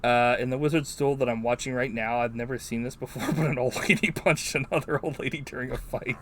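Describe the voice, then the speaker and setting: A man's voice: mid-range voice, brisk, a little hiss or hum. Profane, rambling male podcast host. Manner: profane, rambling, animated retelling. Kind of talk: casual movie-review chat.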